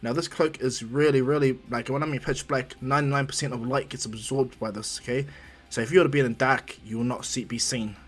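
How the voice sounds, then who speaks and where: A man's voice: mid-range voice, steady tone, fast. A man casually narrating his own fan story, rambling with lots of fillers and restarts.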